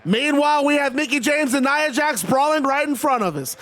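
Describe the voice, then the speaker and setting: Excitable streamer calling wrestling matches. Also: male voice, extremely high pitch, a little fast. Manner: excitable, chatty, talks to live chat. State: voice cracking. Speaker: streamer doing wrestling game commentary. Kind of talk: play-by-play commentary.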